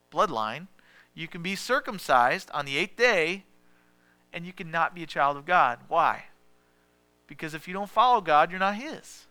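A man preaching a sermon in a relaxed, conversational way, mixing scripture with jokey personal stories. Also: on the high side, clear, resonant tone, no echo. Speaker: pastor.

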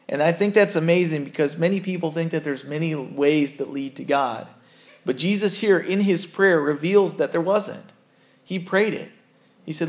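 A man's voice: on the high side, normal speed. A man preaching a sermon as a pastor, earnest and conversational, often correcting himself mid-sentence.

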